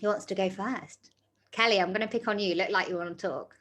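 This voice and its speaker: A woman's voice: mid-range voice, fairly quick, fairly bright tone. A woman guiding a wellbeing group in an easy, chatty way. She encourages and reassures, and fills her talk with little fillers as she goes. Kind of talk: leading an online group session.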